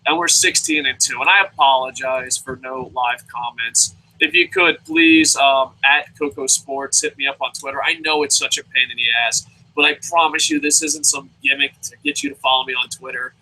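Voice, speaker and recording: Husky, bright-voiced ranting man. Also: mid-range voice, steady tone, normal speed, hardly any pauses, low-quality recording. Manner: profane, rambling rants with goofy sound effects. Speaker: wrestling review show host. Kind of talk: casual live ranting review.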